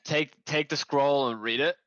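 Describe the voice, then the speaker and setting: A man's voice: fairly high pitch, measured pace, fairly bright tone, no echo, dull audio. A man playing a tabletop game, joking and playful about his character's actions. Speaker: player. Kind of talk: casual tabletop play.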